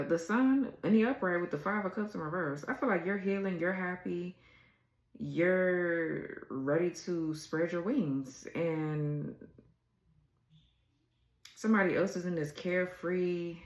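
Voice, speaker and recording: Low-pitched lady reading tarot, cussing a lot, sounds fed up, roomy echo. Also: takes it slowly, long pauses. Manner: blunt, profane and exasperated. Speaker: tarot reader.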